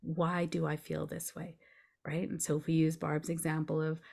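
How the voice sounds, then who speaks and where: A woman with a notably low voice speaks as a podcast guest, explaining things in an earnest, reassuring way. She often checks in with her listener as she goes. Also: little pitch movement, moderate pace, gravelly, darkish tone. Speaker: podcast guest, grief coach. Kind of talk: conversational explaining.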